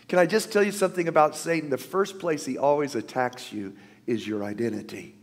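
A man preaching a sermon as pastor, stressing lines loudly and then dropping to soft asides. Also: a little high, brisk, long reverb tail. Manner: emphatic preacher, swings between loud declarations and soft asides. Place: church sanctuary.

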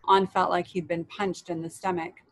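A woman leading a children's story and meditation, reading aloud in a gentle, soothing way. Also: fairly low pitch, little pitch movement, normal speed, rough recording.

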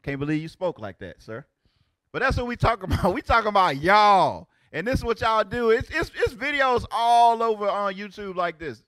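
A man in his forties delivers animated preaching commentary, his pitch leaping all over as he exclaims and banters in street talk. His voice is bright and sharp and sits fairly high, with a dry, close sound. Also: moderate pace, dry recording. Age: 40s. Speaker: teacher of a religious group.

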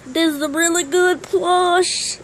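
A woman giving a casual, halting toy unboxing review, playfully putting on a silly accent. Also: very high voice, fairly even intonation, slight background noise.

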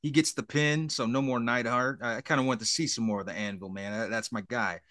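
A man's voice: medium pitch, fairly even intonation, fairly quick, bright, forceful tone. A man co-hosting a podcast, recapping old wrestling in a laid-back, rambling way with frequent restarts. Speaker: podcast co-host. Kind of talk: casual wrestling recap chat.

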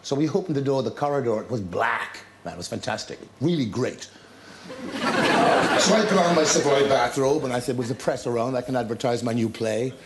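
A man, a talk show guest, telling lively anecdotes with laughter and acted-out scenes. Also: medium pitch, a little fast, a loud crowd. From Ireland. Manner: storytelling with laughter, acting out scenes.

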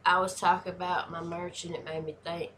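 A woman in her forties hosting a reaction video, chatting casually and hyping things up with excitable energy. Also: fairly low pitch, fairly quick, heavy background noise. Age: 40s.

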